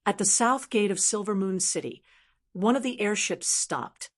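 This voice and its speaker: A woman narrating a fantasy novel as an audiobook, in a steady, plain storytelling manner. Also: medium pitch, moderate pace.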